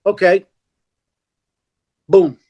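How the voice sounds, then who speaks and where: An older man, telling a story as a podcast guest, animated and blunt, acting out the dialogue of the people in it. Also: sits high, extremely slow, highs cut off. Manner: animated, acts out quoted dialogue, blunt and profane. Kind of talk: casual storytelling.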